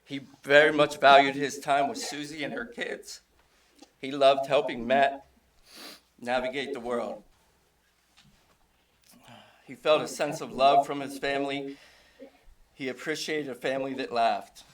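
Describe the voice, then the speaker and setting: Brief: middle-aged dad, mid-range voice, relaxed anecdotal eulogy, light chuckles. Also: male voice, mid-range voice, measured pace, long pauses. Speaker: father giving a eulogy. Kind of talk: informal memorial eulogy. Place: funeral home service.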